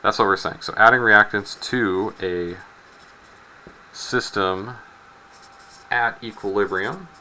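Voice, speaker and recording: A man's voice: on the low side, takes it slowly, pauses often, sharp tone, slight background noise, rough recording. A man teaching a chemistry lecture in a loose, joking way, rambling into asides and often repeating his words. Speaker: chemistry instructor. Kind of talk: casual recorded lecture.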